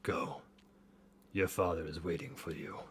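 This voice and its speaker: A man reading a game's dialogue aloud, voicing a stern spectral elder with slow, solemn, weighty delivery and a husky tone. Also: low-pitched, fairly even intonation, heavily acted. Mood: fading.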